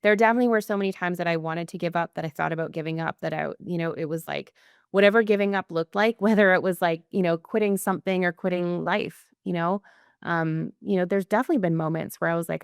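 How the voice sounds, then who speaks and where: A woman's voice: lowish voice, fast talker, clear, resonant tone, no room sound, studio quality. A woman guest on a podcast talking candidly and earnestly, in loose phrases full of fillers. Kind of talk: candid conversational interview.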